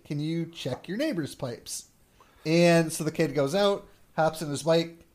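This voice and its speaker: A man's voice: a little high, a little mellow. A man hosting a podcast, casually recapping an episode in a chatty storytelling way and laughing often. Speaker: podcast host.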